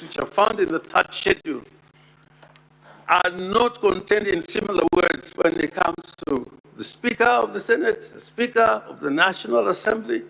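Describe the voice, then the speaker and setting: A man making a formal legal argument before the Senate as counsel, deliberate and emphatic, repeating key words for weight. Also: sits high, gravelly, fairly bright tone, rough recording. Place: Senate chamber.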